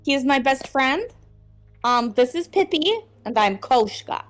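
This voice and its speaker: A woman's voice: high-pitched, expressive, measured pace, a bit bright, faint music behind, voice pushed up. A woman voicing a timid, touchy young woman adventurer who stammers and turns defensive in a tabletop game. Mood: flustered. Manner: flustered and defensive.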